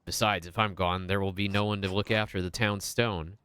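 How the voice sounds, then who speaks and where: A man's voice: low-pitched, fairly even intonation, brisk, fairly bright tone, slight background noise. A man voicing a blunt, stubborn young male stonemason in a video game, in a plain, matter-of-fact way.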